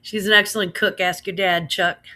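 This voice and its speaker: A chatty woman in her thirties with a Midwestern American accent, hosting a relaxed livestream from home. Her voice is bright and forward. She talks in a loose, friendly way, slips into slang and laughs easily between comments. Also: lowish voice, a little slow. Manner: chatty, laughs often, says girl and slaps. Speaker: livestream host reading chat. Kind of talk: casual chat.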